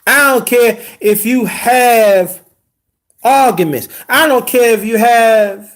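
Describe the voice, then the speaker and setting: High, bright-voiced man preaching on a livestream. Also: slow. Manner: preachy, drops to whispers for emphasis. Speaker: livestream host. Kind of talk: casual livestream commentary.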